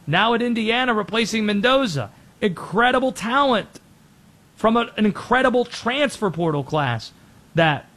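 High-voiced, brisk sports show host. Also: male voice, a bit bright. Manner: brisk, opinionated, rattling off names. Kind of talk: scripted sports commentary.

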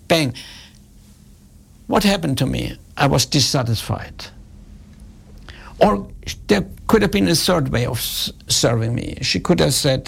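A man's voice: a little high, animated, unhurried, gravelly, pauses often, slightly rough. A man giving a storytelling talk on customer service, emphatic and repeating his key points.

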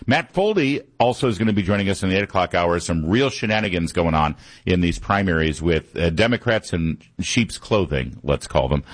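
A man in his fifties hosts a morning radio talk show, his voice deep and low. He rambles easily, full of fillers and restarts, into a studio mic with a dry, close sound. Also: no echo. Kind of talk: conversational radio monologue. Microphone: studio microphone.

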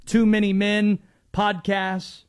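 A man's voice: sits high, monotone, takes it slowly, smooth. A man in his thirties hosting sports talk radio in a chatty, amused way with rambling asides.

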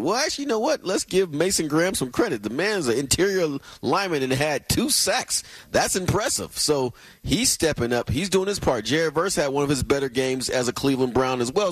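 A man's voice: medium pitch, no echo. A man co-hosting a casual sports talk show, upbeat and emphatic, often laughing as he makes his points. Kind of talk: casual sports commentary chat.

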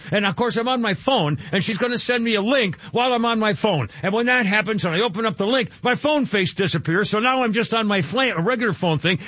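A man's voice: sits high, pushed and bright, no room sound, highs cut off. An eighty-year-old man telling an exasperated, rambling story in a casual radio monologue, grumbling and tossing in sound-effect words. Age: 80s.

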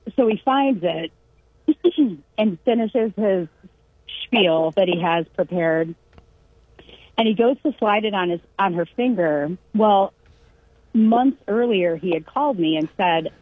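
A woman from California telling a long family anecdote in casual chat, animated and acting out the quoted lines. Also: medium pitch, measured pace, husky, no room sound. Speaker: storyteller. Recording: tinny phone-line sound.

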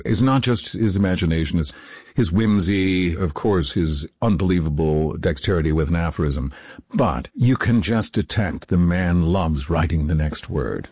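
Deep husky man, thoughtful interview. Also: darkish tone, dry recording. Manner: thoughtful, articulate. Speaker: guest actor. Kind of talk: backstage interview. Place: backstage.

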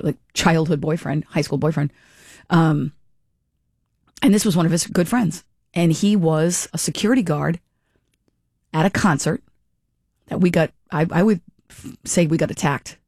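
A woman hosting talk radio, telling a long story in a chatty, animated way with many restarts. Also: sits low, no echo, studio quality. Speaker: radio talk show host.

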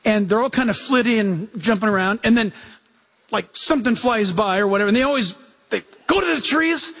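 A male pastor preaching a lively sermon, acting out quoted voices and chuckling as he goes. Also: high-pitched, brisk.

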